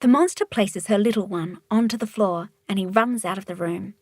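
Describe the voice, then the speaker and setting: A woman narrating a children's storybook in a calm, even read-aloud manner. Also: mid-range voice, moderate pace, dry recording, clean studio sound.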